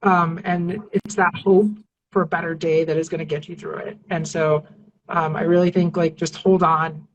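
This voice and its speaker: A woman's voice: on the low side, flat delivery, normal speed, poor audio. A woman civil rights attorney as a podcast guest, talking earnestly and reassuringly with many fillers and restarts. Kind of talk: casual interview talk.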